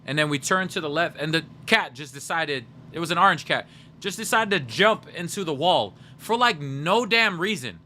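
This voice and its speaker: A young man hosting a livestream, chatting casually and teasing his viewers in a joking, animated way. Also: fairly high pitch, a little hiss or hum. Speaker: livestream host.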